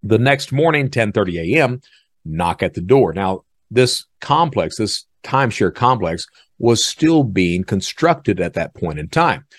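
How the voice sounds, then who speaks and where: A man hosting a podcast, telling a story in a casual, animated way and acting out other people's lines. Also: lowish voice, unhurried, dry recording, clean studio sound. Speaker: podcast host.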